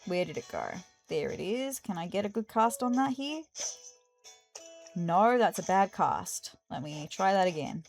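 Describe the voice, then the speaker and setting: A woman giving casual let's-play commentary, excitable and gushing, with apologetic asides. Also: on the low side, measured pace, creaky, faint music behind. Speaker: gaming video host.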